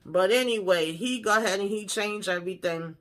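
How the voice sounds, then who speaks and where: A woman hosting a casual reality TV episode recap, talking in an animated, profane, exclamatory way. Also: medium pitch, brisk.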